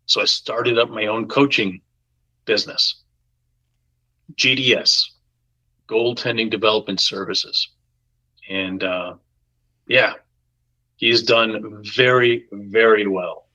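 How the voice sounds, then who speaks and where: A man spins a story in casual podcast talk. He is animated and acts out the people he quotes. His voice is bright and forceful, and the recording is a little dull. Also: lowish voice, unhurried. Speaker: podcast guest.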